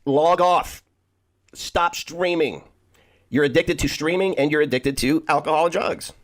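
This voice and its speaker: A man's voice: fairly high pitch, unhurried. A man commentator lecturing bluntly and preachily, giving advice to a streamer.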